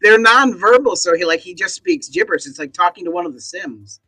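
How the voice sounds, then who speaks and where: A man in his forties, a comedian guest telling stories in casual chat, deadpan asides. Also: high-pitched, a little fast, husky, no echo, poor audio. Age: 40s.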